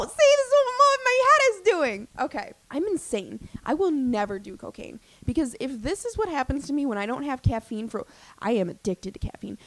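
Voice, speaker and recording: A young woman in her twenties, a comedian hosting a podcast, telling a story in a rapid, scattered, excitable ramble. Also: a little high, no room sound. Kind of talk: casual storytelling monologue.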